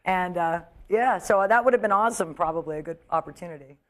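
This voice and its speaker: A woman comedian chatting as a guest on a talk show, telling stories with animated asides and quick acted-out voices. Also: lowish voice, crowd noise. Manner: animated storyteller, acts out quoted voices. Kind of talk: casual chat. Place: studio of an internet talk show.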